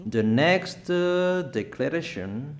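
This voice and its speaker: Male preacher, higher voice, slow and emphatic sermon delivery. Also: animated. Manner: slow, emphatic proclamations in short phrases.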